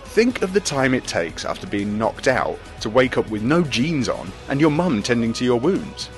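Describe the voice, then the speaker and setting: Male presenter, comic rant, lively pitch. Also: normal speed, faint music behind. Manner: exasperated, sardonic. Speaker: segment presenter.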